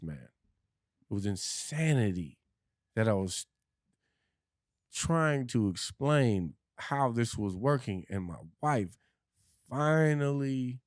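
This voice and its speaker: A man's voice: fairly low pitch, darkish tone, no room sound. Blunt, dry-recorded man telling his story. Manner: blunt, profane, with frequent restarts. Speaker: podcast guest. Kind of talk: candid personal storytelling.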